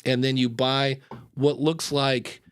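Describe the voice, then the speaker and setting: A man's voice: mid-range voice, flat delivery, slow pace, clean tone, no room sound. Brief: easygoing male podcast host, chatty and meandering, dry close recording. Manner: rambling, tangent-prone, many fillers. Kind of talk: casual live-show chat.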